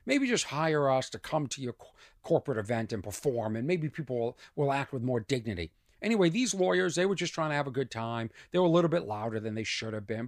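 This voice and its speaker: A man, a stand-up comedian, telling a story on his podcast in an exasperated, animated way. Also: medium pitch, no room sound, clean studio sound.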